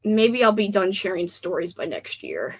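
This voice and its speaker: A woman's voice: mid-range voice, very animated, moderate pace, husky. A woman hosting a livestream, chatting casually, reading viewer comments aloud and grumbling with playful swearing. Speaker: livestream host.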